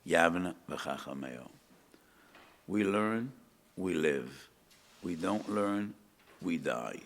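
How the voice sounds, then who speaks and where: A man's voice: deep voice, lively intonation, drawn-out words, a little hiss or hum. An older man giving a rabbinic lecture, telling stories, quoting Hebrew texts and asking his listeners questions. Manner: storytelling, asks the audience questions, mixes in Hebrew quotes. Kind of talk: lecture to an audience.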